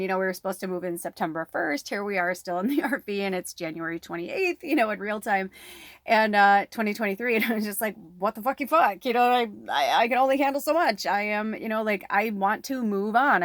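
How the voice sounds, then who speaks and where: Close to the microphone, a middle-aged tarot reader chats through a pick-a-card reading, dropping breathy asides along the way. Her pitch is medium and the recording is dry.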